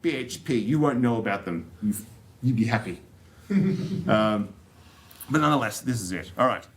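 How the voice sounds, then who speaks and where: A man's voice: fairly low pitch, lively intonation, moderate pace. Joking Australian man giving a tech talk. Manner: joking, loose and rambling, with many fillers and restarts. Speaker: conference speaker. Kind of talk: technical talk to an audience. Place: conference room.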